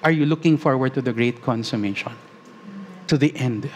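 A man preaching a sermon as pastor, earnest, slowing on key phrases and rising as he reads scripture aloud. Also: mid-range voice, slight background noise.

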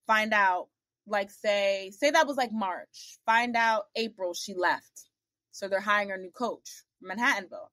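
A young woman appearing as a podcast guest tells a story casually and animatedly, voicing the people she quotes with big jumps in pitch. She speaks unhurriedly, and the studio-quality audio has no echo.

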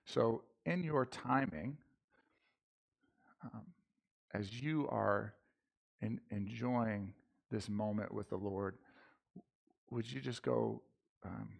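Gravelly-voiced pastor, casual and slangy. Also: male voice, on the low side, takes it slowly, pauses often. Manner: casual, slangy, restarts often. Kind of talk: casual sermon. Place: church sanctuary.

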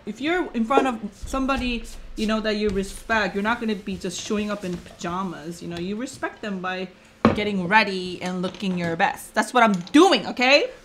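A woman's voice: medium pitch, normal speed, noisy background. A mother in her thirties hosting a casual mukbang chat, chatty and teasing, laughing often. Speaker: channel host and mother.

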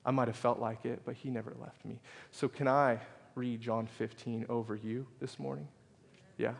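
A male pastor preaching a sermon, telling a personal story that swings between loud, excited passages and hushed, soft ones. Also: medium pitch, normal speed, vocal fry. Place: church sanctuary. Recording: long reverb of a church hall.

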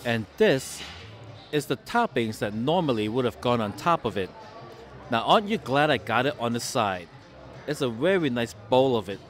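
A man's voice: medium pitch, sing-song, normal speed. A man hosting a casual food vlog in a sports bar restaurant, chatting and rambling through anecdotes. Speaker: food and travel vlogger.

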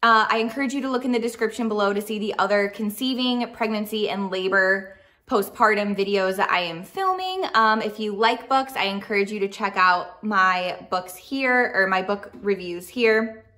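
A young adult woman vlogging in a chatty, excited way, with frequent fillers and restarts. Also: medium pitch, moderate pace. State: speaking softly near a sleeping baby. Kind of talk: casual storytelling vlog.

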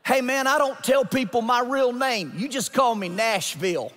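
A man's voice: extremely high pitch, moderate pace, a bit bright, slight background noise. A male pastor voicing a casual, slangy young male skydiving instructor. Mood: laid-back. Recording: long church hall reverb.

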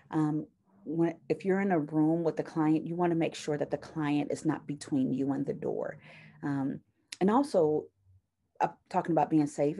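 Low, gravelly-voiced woman lecturing. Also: mellow. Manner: conversational, frequent fillers and self-corrections; shows items to the camera while teaching. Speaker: counseling professor. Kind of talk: recorded university lecture.

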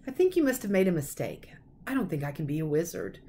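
Female reader voicing a quiet, unsure eleven-year-old boy for a storybook reading. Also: fairly low pitch, very animated, quick pace, a little hiss or hum. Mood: doubtful. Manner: quiet and hesitant.

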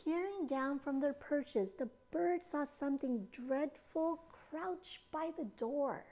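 A woman children's librarian reading a picture book aloud in an expressive storytime manner. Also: high-pitched, slow, few pauses.

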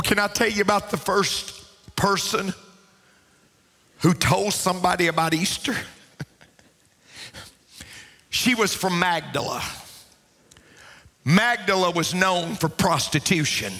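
A man preaching a sermon as pastor, emphatic and rising to shouts, repeating key lines for emphasis. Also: high-pitched, expressive, takes it slowly, long pauses. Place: church sanctuary. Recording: long reverb of a church hall.

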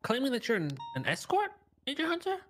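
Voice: sits high, huge pitch swings, fast talker, a bit bright, slight background noise, exaggerated voice. A player voicing a pushy reporter in improvised game role-play, asking needling, sarcastic questions. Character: pushy press reporter grilling police.

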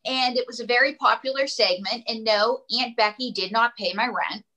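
Woman comedian guest, bright higher voice, animated storyteller with a pitchman streak. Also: normal speed, rough recording. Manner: animated, self-promoting, jokey storytelling. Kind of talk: casual talk show chat.

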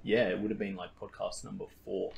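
A man's voice: sits low, level tone, a little fast, vocal fry, a little hiss or hum. A young man hosting a podcast in casual chat, rambling and laughing at his own stories. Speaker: podcast host.

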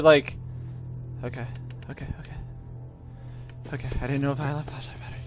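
A man's voice: fairly high pitch, quick pace, long pauses, a bit bright. Jumpy young man, nervous game commentary. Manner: nervous, jumpy, self-mocking, talks to himself, shifts from whispers to yelps. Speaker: gaming channel host. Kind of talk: let's play commentary. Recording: dull, lo-fi game capture with game music behind. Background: faint game music.

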